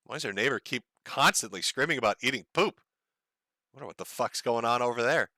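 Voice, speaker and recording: A man's voice: mid-range voice, expressive, a little fast, pushed and bright, dry recording. A man voicing a puzzled adult male neighbor who mutters in a bewildered, gossipy way. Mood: baffled.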